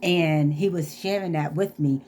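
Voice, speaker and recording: A woman's voice: deep voice, a little slow, dark tone, a little hiss or hum. A woman vlogger telling a personal story and preaching positive thinking in an earnest, heartfelt way. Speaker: inspirational vlogger. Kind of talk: casual inspirational monologue.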